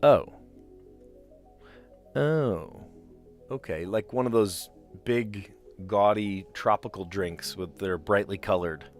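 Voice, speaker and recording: Over soft background music, a word-puzzle streamer rambles casually about the origins of words. He speaks slowly with long pauses in a lowish voice.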